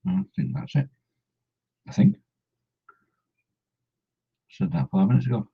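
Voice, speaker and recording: A man's voice: medium pitch, sing-song, measured pace, vocal fry, slightly rough. A man chatting casually while painting miniatures, rambling and humming to himself. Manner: rambling, hums and mumbles to himself. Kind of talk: casual chat while working. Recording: dull lo-fi sound.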